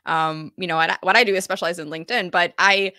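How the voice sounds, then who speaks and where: A woman hosting a casual live video chat from her family room at home, chatty and quick with lots of fillers and restarts. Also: lowish voice, steady tone, pushed and bright, dry recording, clean studio sound. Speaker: host of a live chat show.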